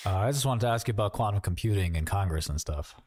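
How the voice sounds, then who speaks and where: A man hosting a casual trading livestream rambles and jokes, thinking aloud to his viewers. His voice swings widely up and down at a middling pitch. It is close-miked in a dry room. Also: animated, quick pace, a little mellow, dry recording. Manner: rambling, jokey, talks to himself and chat. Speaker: livestream host.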